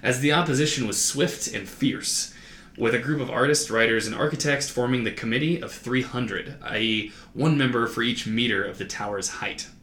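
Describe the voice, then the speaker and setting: Bright-voiced man reading notes in an echoey room. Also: medium pitch, moderate pace, a little hiss or hum. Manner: reads quotes aloud, laughs easily. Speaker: podcast co-host. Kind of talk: casual chat reading researched notes. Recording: roomy echo, faint background ambience.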